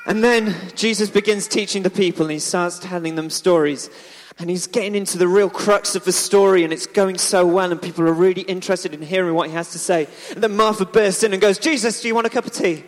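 A man's voice: high voice, steady tone, brisk, few pauses. A man leading a church children's talk, retelling a story in a chatty, playful way and asking the audience questions. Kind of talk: lively storytelling to a congregation. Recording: echoey hall.

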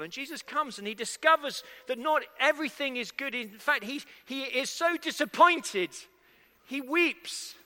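High, bright-voiced preacher. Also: male voice. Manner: conversational, asks the congregation questions. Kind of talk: sermon. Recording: echoey hall with long reverb.

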